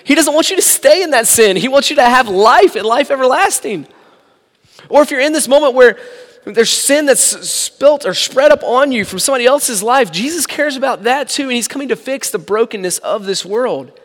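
A man preaching a sermon, animated, acting out the people in the story with sarcastic asides. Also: extremely high pitch, moderate pace. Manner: animated, acts out quoted dialogue, sarcastic asides. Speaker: pastor. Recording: long hall reverb.

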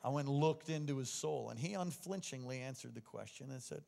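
A middle-aged man preaching a sermon, telling personal stories and moving from hushed confession to stirring exhortation. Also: mid-range voice, a little fast, gravelly. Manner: personal storytelling that swings from quiet to exhorting. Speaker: pastor. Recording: long reverb of a large hall.

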